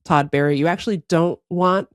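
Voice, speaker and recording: This woman's voice sits on the low side as she co-hosts a casual comedy podcast at a brisk clip. Her story is animated, full of laughs, casual swearing and acted-out quotes, captured in a dry, clean studio recording.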